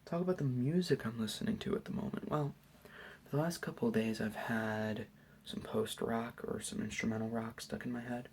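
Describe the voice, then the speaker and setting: A young man giving a soft, hesitant, whispered ASMR Q&A at home late at night, rambling with lots of fillers. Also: mid-range voice, steady tone, moderate pace, a little hiss or hum. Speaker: YouTuber answering questions.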